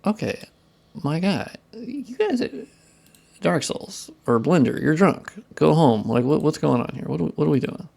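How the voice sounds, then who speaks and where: The modding streamer, a young man, is a little high-voiced, gravelly, and a bit mellow, with big swings in pitch and an unhurried pace. While he works, he grumbles profanely at his tools, puts himself down, and trades jokes with viewers.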